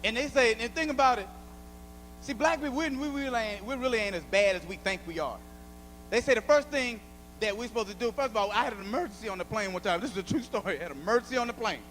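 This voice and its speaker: A man performing a stand-up comedy routine on a club stage, an animated storyteller who often shouts. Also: high voice, fast talker, slight background noise.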